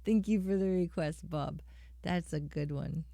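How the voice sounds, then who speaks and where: A woman's voice: on the low side, measured pace, gravelly, warm tone, dry recording. A middle-aged woman hosting a live music stream, chatting casually with viewers and calling them by name. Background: guitar accompaniment.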